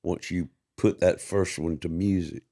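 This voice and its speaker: Male podcast host, very deep voice, reflective. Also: steady tone, a little slow, vocal fry, warm tone. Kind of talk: casual podcast interview.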